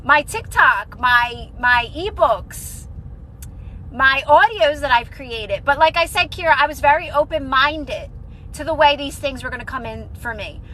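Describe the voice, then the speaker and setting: A woman's voice: high voice, lively intonation, measured pace, bright, forceful tone, slight background noise, rough recording. A young adult woman chatting on a phone live stream about manifestation, rambling and restarting sentences, earnest and encouraging. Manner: rambling, restarts sentences often, many "like" fillers. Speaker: manifestation content creator. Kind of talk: casual live-stream chat answering viewers.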